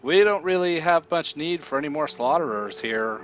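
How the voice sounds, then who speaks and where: A man's voice: on the high side, expressive, moderate pace, voice pushed up, close to an everyday voice. A man putting on a friendly middle-aged village constable who greets strangers eagerly, with a folksy, raised voice. The recording is dull and lo-fi. He runs a tabletop game.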